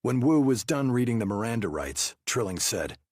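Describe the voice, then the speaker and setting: A man narrating an audiobook thriller in a measured, first-person storytelling manner with a husky voice. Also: mid-range voice, very animated, a little mellow, dry recording, clean studio sound.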